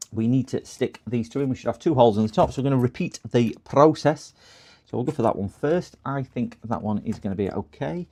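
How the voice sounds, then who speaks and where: A man's voice: lowish voice, a little mellow. Chatty man narrating a repair stream. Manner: chatty, joking, self-deprecating, talks to viewers. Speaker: laptop repair technician streaming live. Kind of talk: livestream repair commentary.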